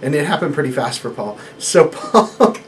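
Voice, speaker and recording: A man telling stories in casual chat, animated and laughing into his lines. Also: fairly high pitch, normal speed. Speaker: storytelling guest. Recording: distant mic, faint background noise.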